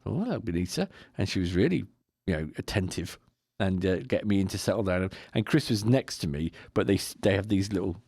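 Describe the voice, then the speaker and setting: Gravelly low-voiced man telling a story. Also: a little fast, no room sound, studio quality. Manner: animated anecdote with mimicked voices and laughs. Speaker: podcast co-host. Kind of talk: casual storytelling chat.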